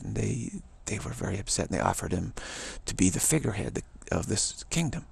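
A man telling a rambling spiritual story in a halting way, often repeating words and restarting. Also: fairly low pitch, lively intonation, creaky, a little mellow, slightly rough.

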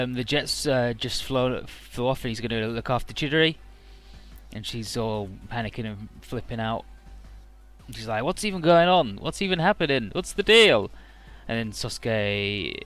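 A man commentates on a let's play, casually narrating a video game run in a loose, rambling way. His voice is on the low side and somewhat bright, and he uses lots of fillers along with the occasional swear word.

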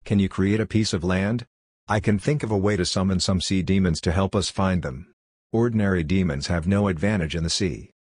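A man voicing a hulking male berserk demon warrior who speaks in a low, muffled, blunt way. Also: brisk, darkish tone, no room sound.

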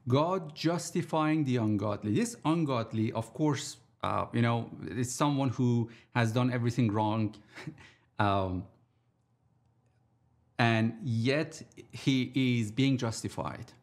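A man teaching a sermon on scripture, deliberately repeating his key points for emphasis. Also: mid-range voice. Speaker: Bible teacher.

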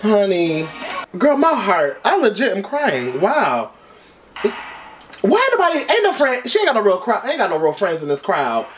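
A man hosting a music video reaction, dramatic, sassy and loud, full of slang. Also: high voice, wildly swooping pitch, normal speed, slight background noise. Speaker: YouTube reaction host. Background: faint music from the video.

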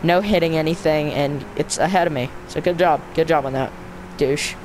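Excitable young gamer guy yelling at a race. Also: a little high, moderate pace, noisy background. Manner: excitable, frustrated, bursts into yelling outbursts; talks to the game and himself, slangy, "dude" and "bro". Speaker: gamer narrating his own play. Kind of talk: casual let's-play commentary.

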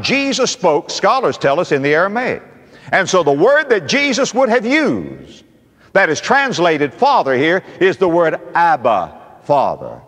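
An older male pastor preaching a sermon, emphatic, calling listeners "friend" and dropping from loud to hushed. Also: on the high side. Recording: echoey hall reverb.

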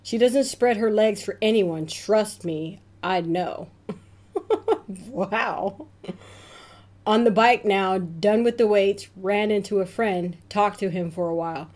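A woman hosts her own reaction video, reading out text messages one after another. She takes her time over the words. Her delivery is amused and expressive, full of exclamations. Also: medium pitch, slow. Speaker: reaction channel host.

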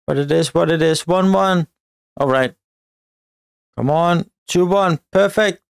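A young man commentating his own football video game match as he plays, cheering, chanting and shouting at the referee. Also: a little high, measured pace, gravelly, clear, resonant tone, dry recording, studio quality. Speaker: gaming channel host. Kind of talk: live gameplay commentary.

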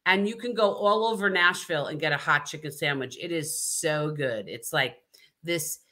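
A woman co-hosting a networking livestream, enthusiastic and upbeat, giving shout-outs and chatting with the viewers. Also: low-pitched, normal speed. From New York. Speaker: co-host, chapter president. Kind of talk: casual livestream chat.

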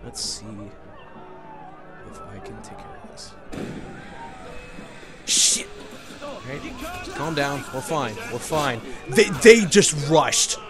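A man's voice: fairly high pitch, very animated, slow, long pauses, over music, crowd noise. A young man doing let's play commentary, joking, laughing often and making crude asides as he plays. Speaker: gameplay commentator. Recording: background noise.

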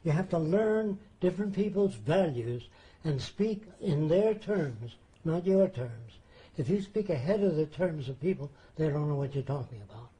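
A man's voice: on the high side, expressive, normal speed, dark tone, low-quality recording. An older man telling a story in an interview, plain-spoken, acting out the people he quotes.

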